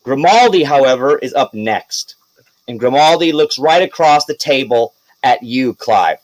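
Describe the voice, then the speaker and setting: A man narrating a tabletop game as game master, casual and lively. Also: mid-range voice, a little slow, no room sound, low-quality recording.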